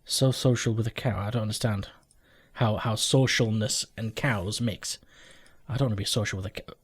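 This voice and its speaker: A man's voice: fairly low pitch, fairly even intonation, moderate pace, husky. Swearing, rambling gamer guy. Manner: rambling, jokey, swears casually. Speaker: let's play host. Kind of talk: game commentary. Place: at home.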